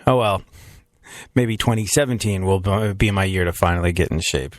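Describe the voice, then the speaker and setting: A man's voice: deep voice, moderate pace, no room sound. A male talk-show host rambling through a casual monologue, poking fun at himself and acting out his own voice. The sound is dry and close, with no room around it. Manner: jokey, self-mocking, acts out his own voice in quotes.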